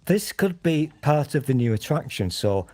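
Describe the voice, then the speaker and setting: A man's voice: fairly high pitch, big pitch swings, moderate pace, a little mellow. A man with a British accent, talking in a rambling, jokey, crude way in a casual group chat.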